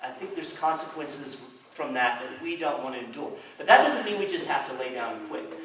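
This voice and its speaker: Animated man speaking in an echoey hall. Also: mid-range voice, fairly quick. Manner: animated, storytelling. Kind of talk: public talk to a crowd. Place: chamber of commerce hall. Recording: echoey hall, distant mic, faint noise.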